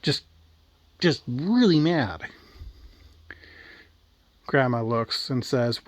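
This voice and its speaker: A man narrates a crude, darkly comic story in an offhand, casual way. His voice sits at an ordinary mid pitch. The recording is close and dry. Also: animated, drawn-out words, pauses often, no room sound.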